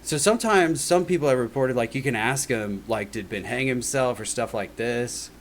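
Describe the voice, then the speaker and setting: A man's voice: mid-range voice, normal speed, a little hiss or hum. A man giving a personal testimony in a casual spoken monologue, rambling and earnest, leaning on "like" and "right?" as he talks.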